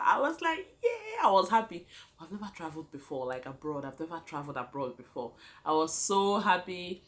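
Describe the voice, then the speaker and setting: A young woman with a Nigerian accent telling a personal story on her vlog in an animated, dramatic way, often calling her viewers guys. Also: on the low side. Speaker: vlogger.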